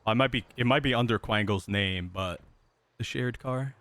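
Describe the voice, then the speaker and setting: This man's voice is medium-pitched and fairly bright, at a normal speed. He's streaming a police roleplay game as an officer, keeping it laid-back with easygoing swearing and ready laughter, mixing casual stream talk with in-game radio chatter.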